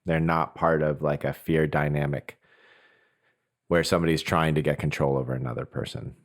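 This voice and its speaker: A man's voice: rumbling low, level tone, moderate pace. A man hosting a podcast, talking earnestly and reflectively, thinking aloud with restarts. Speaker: podcast host. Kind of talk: conversational podcast talk.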